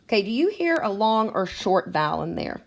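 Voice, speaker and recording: A woman's voice: mid-range voice, big pitch swings, normal speed, creaky. A woman teaching a second grade phonics lesson, patient and encouraging as she sounds out words for children.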